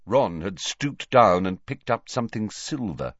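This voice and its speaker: A man narrating an audiobook with expressive storytelling. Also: fairly low pitch, a little slow, no echo, dull audio.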